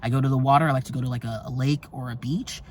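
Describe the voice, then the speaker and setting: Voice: medium pitch, fairly even intonation, racing, slight background noise. A travel vlogger, talking casually and emphatically to camera, swearing now and then and breaking into short laughs between points.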